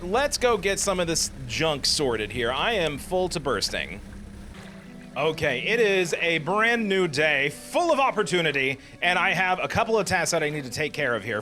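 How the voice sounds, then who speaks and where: A man hosting a casual let's play, giving animated, jokey commentary on a video game. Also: on the high side. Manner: animated, jokey, self-deprecating.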